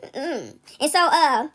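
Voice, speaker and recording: Her voice sits high as this young adult woman shares a casual story with her audience. Addressing viewers directly, she's animated and frequently dissolves into laughter.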